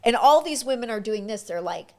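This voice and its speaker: A woman's voice: a little high, a little fast. Woman recounting an acting audition. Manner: lively anecdotal, frequent restarts. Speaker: actress guest. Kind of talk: casual interview storytelling.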